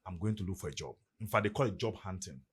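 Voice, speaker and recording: A middle-aged man with a Ghanaian English accent talks on a podcast with emphatic, preacher-like force. His voice is husky and slightly breathy. His pitch swings widely as he builds each point. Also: animated, quick pace. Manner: preacherly, emphatic, rising and falling delivery. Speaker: podcast guest. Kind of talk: motivational podcast talk.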